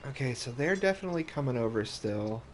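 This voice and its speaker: A man's voice: medium pitch, lively intonation, quick pace, slight background noise. A man giving casual let's-play commentary, rambling and thinking aloud with restarts as he plays. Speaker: gaming YouTuber.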